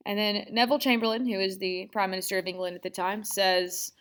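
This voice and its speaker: A woman's voice: medium pitch, steady tone, brisk, few pauses, a bit bright, smooth. A young woman teaching a casual history lesson, chatty and sarcastic, acting out quotes in playful voices.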